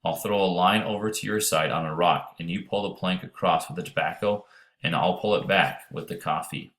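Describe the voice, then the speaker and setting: A ragged young Southern rebel soldier boy, as a man reads him aloud calls across in a soft, low drawl. His easygoing voice sits a little higher than a man's usual deep tone, with an audiobook feel. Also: a little fast. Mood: friendly.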